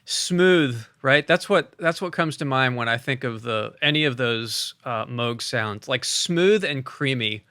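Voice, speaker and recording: A man's voice: mid-range voice, expressive, measured pace, hardly any pauses, bright, forceful tone, smooth, no echo, studio quality. A man who composes music, co-hosting a podcast in a casual, enthusiastic chat, full of fillers and restarts. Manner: enthusiastic, loose, with frequent fillers. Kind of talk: casual conversation about synths.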